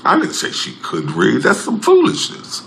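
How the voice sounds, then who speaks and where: Gravelly, emphatic man. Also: wildly swooping pitch, normal speed, slight background noise. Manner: emphatic and repetitive, swings between loud and low. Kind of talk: impassioned public address.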